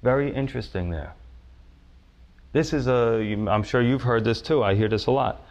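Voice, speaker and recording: A man preaching a sermon in a loose, conversational way, full of fillers and restarts, dropping low and slow to stress a point. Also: lively intonation, creaky, a little mellow, muffled recording. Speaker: pastor.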